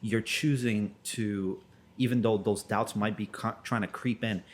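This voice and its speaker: A man co-hosting a faith podcast, talking in a relaxed, slangy way with fillers. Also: on the low side, a little slow, a little hiss or hum. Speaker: podcast co-host. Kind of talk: casual faith podcast talk.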